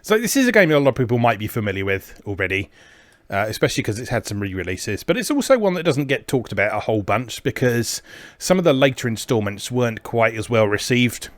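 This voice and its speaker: A man's voice: medium pitch, sing-song, fast, no room sound. Wry, chatty man commenting on a game. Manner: chatty, wry, many fillers. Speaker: retro game video host. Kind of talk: casual gameplay commentary.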